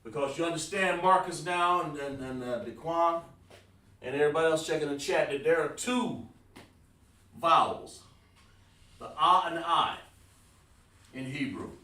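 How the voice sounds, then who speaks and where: A man with a voice on the high side, pushed and bright, teaches a casual language lesson at a board on a live stream, calling out viewers by name. He keeps a moderate pace but pauses often, and the far mic captures plenty of room.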